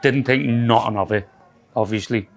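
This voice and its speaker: A young man, co-hosting a podcast, telling a story in a casual and animated way, swearing and acting out what others said. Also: medium pitch, normal speed, vocal fry. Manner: animated, sweary storytelling, acts out quoted voices, says "lad" a lot. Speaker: podcast co-host.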